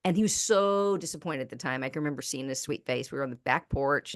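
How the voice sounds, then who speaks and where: A woman who is a speaker and author, talking in a podcast interview as an animated storyteller who acts out the people in her stories. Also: very deep voice, fast talker, hardly any pauses, no echo, clean studio sound.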